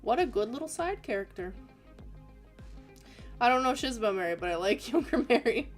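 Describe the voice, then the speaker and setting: A woman's voice: on the high side, big pitch swings, brisk, soft background music. A young woman hosting an art livestream, chatting casually and giggling as she reads viewer messages aloud. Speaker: art streamer reading viewer submissions.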